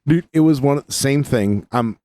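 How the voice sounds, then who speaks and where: A man's voice: mid-range voice, moderate pace, warm tone, no room sound. A man co-hosting a podcast, teasing and swearing in casual banter. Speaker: podcast co-host. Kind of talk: casual chat.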